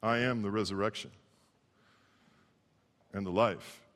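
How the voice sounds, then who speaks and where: A man's voice: on the low side, steady tone, a little slow. Impassioned male preacher in a reverberant church. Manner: impassioned, swings from hushed to emphatic. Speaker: pastor. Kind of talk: sermon. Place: church sanctuary.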